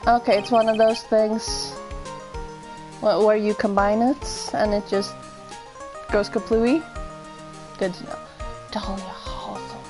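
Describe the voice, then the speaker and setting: Slow-talking woman streamer. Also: medium pitch, steady tone, over music, low-quality recording. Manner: chatty, musing aloud. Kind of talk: casual let's-play commentary.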